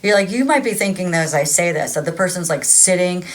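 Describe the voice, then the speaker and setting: A woman in her thirties talks through a tarot reading in a loose, rambling way. She laughs often and keeps her voice a little low. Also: animated, fast talker. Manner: chatty and rambling, laughing often, acting out quotes. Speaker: tarot reader. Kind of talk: casual spoken tarot reading.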